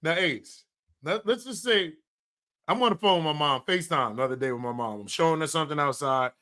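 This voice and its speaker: A man co-hosting a casual podcast, excitedly telling family stories and acting out his mother's lines. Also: fairly high pitch, fairly quick. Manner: excitable storyteller, acts out his mom's lines. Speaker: podcast co-host. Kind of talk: casual chat.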